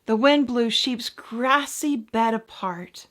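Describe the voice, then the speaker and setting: Slow, gentle woman storyteller. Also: a little high. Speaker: minister. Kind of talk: storybook reading for a congregation.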